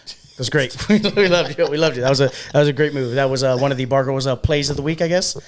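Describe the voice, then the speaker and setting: A young male podcast host spinning bar stories in a loose, profane, animated way. His voice sits at an ordinary middle pitch. He talks in a casual, easygoing way. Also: fast talker, noisy background. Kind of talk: casual storytelling chat.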